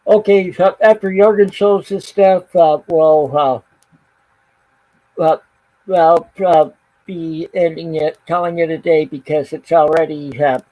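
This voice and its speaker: A man hosts a relaxed chat about records and soundtracks. His voice is mellow and a little higher than most men's. He talks haltingly and leans on fillers as he gathers his thoughts. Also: poor audio. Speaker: show host. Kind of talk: casual chat. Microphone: streamed panel chat.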